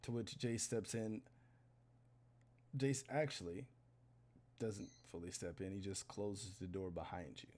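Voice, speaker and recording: A man's voice: fairly low pitch, a little slow, pauses often, a little mellow. A man narrating a tabletop role-playing game as game master, describing scenes steadily.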